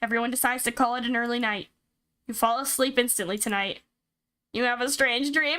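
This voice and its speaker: High-voiced woman streamer reading a game. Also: steady tone, brisk, pushed and bright, clean tone. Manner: reactive, startled outbursts. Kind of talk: reading a visual novel aloud on stream. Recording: game music behind.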